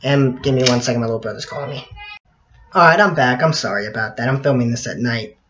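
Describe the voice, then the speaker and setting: A teenage boy telling a personal story to camera in a rambling way, with many fillers, often clearing his throat. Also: mid-range voice, fast talker, background noise. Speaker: vlogger. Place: bedroom at night. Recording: dull lo-fi audio.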